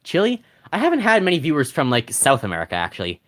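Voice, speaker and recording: Lively rambling game streamer. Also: mid-range voice, fast talker. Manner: rambling, restarts, reads chat aloud. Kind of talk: casual live-stream chat.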